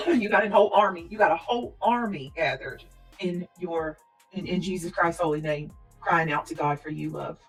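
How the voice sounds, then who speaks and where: A woman hosting an informal livestream speaks to her viewers at normal speed in a lowish voice. Earnest and prayerful, she often coughs and clears her throat. Faint music sits behind her on a rough recording.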